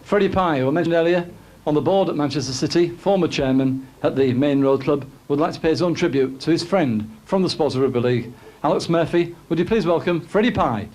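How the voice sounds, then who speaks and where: A man acting as master of ceremonies at a dinner, introducing speakers in a brisk, jokey way. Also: fairly high pitch, darkish tone. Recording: noisy banquet room with crowd.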